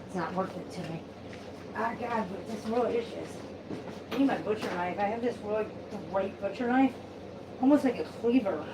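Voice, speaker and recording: A woman's voice: mid-range voice, normal speed, noisy background. A woman rambling casually at home while doing chores, chatty and venting, swearing freely. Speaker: vlogger. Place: at home, sweeping.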